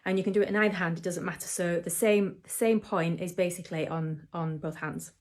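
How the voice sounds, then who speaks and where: A woman who teaches mindfulness and acupressure in a gentle, chatty way, with frequent ums. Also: lowish voice, steady tone, a little fast. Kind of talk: relaxed instructional talk to camera.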